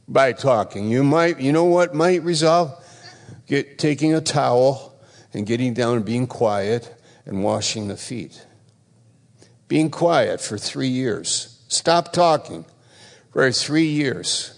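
Gravelly-voiced male preacher in a reverberant hall. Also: medium pitch, lively intonation, slow. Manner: emphatic, repeats phrases, swings between loud stresses and quiet asides. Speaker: pastor. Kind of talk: sermon. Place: church.

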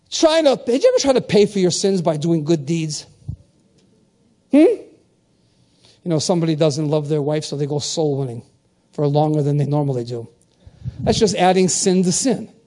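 An older man preaching a sermon, calling out to the congregation and swinging between loud, high exclamations and low, quiet storytelling. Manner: animated call-and-response preaching with wide swings in pitch and volume.

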